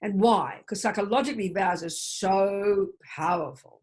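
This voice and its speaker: An older woman gives a Buddhist teaching over a video call. Her voice is husky and sits at a middling pitch. She talks in a forthright, emphatic way and repeats her key phrases. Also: normal speed, a little mellow.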